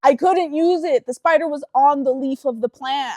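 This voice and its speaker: High-voiced young woman, casual podcast chat. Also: normal speed, dry recording. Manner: animated storytelling, swears freely. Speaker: podcast co-host.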